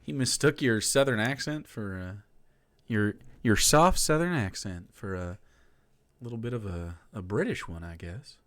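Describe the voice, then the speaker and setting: A man's voice: fairly low pitch, lively intonation, a little slow, a bit bright. A young man commenting sarcastically on clips during a casual stream, mocking what he hears.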